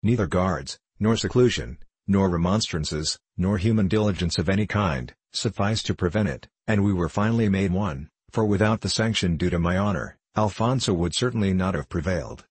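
A man voicing a tearful, proud noble young lady in an audiobook reading, in a husky voice. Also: low voice, moderate pace, hardly any pauses, no echo. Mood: sorrowful.

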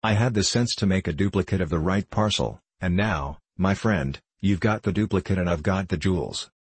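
Guy doing a big gloating thief, low husky voice, loud and mocking, audiobook. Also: normal speed, dry recording. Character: boisterous gloating master thief, large man. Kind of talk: audiobook character reading.

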